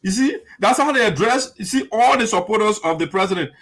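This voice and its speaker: A man's voice: high voice, expressive, fast talker, fairly bright tone, low-quality recording. A man hosting heated political commentary, emphatic and repetitive, often mimicking his opponents' lines. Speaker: show host.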